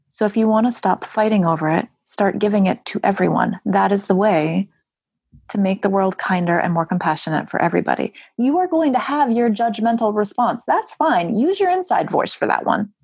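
Husky, emphatic woman guest speaking earnestly. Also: moderate pace, a little mellow, dry recording. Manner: earnest, emphatic, rhetorical, jumps high for inner-voice asides. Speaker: grief writer and guest. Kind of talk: podcast interview talk.

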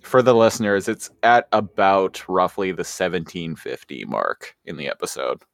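Male co-host, relaxed and wry, low voice, dry mic. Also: normal speed, gravelly, no echo. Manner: laid-back, dry quips. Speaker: podcast co-host. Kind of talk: casual recap chat.

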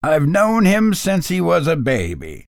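A grieving old butler, voiced by a man reading a story, speaks softly and sobs between his words. His lines are slow and close, with no room sound. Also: fairly high pitch, wildly swooping pitch, gravelly, dry recording, full character voice. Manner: soft, sobbing.

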